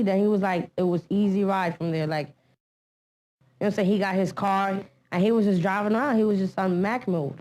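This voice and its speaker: A woman's voice: medium pitch, a little mellow, rough recording. A woman retelling hard memories in a candid documentary interview, blunt and full of street slang.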